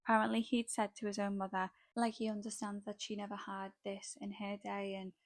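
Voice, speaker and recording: A young woman spills a wild story in a dramatic, gossipy chat, peppered with "like". Her voice sits at an ordinary middle pitch, and the sound is close and dry with no room around it. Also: monotone, fairly quick, dry recording. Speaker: makeup artist vlogger.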